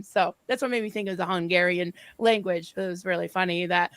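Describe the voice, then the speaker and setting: A woman's voice: mid-range voice, fairly even intonation, fast, hardly any pauses, fairly bright tone, dry recording. A woman co-hosting a casual live-stream chat, telling stories in a chatty way. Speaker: co-host.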